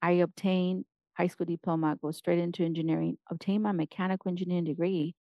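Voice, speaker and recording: Gravelly, upbeat Mexican-born woman guest. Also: on the low side, fast talker, no echo, muffled recording. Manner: energetic, repeats punchy phrases. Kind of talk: motivational interview talk.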